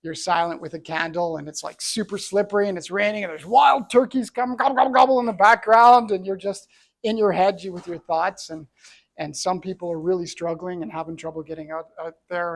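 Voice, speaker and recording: A man's voice: high-pitched, vocal fry. A middle-aged man from Canada, an entrepreneur telling his own story in an earnest, reflective way. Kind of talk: personal storytelling talk.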